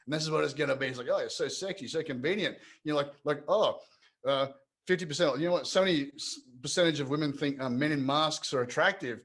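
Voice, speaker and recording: A man co-hosting a casual podcast chat, animated, stumbling over his words and repeating himself as he rants. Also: on the high side, fast talker. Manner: animated, repeats words, mocks others in put-on voices. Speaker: podcast co-host.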